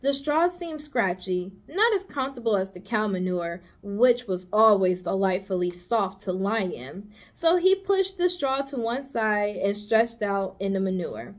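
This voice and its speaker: A woman's voice: medium pitch, a little slow, hardly any pauses. Woman reading a children's book aloud. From United States. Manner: expressive, with small slips and restarts. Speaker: school psychologist reading a class novel.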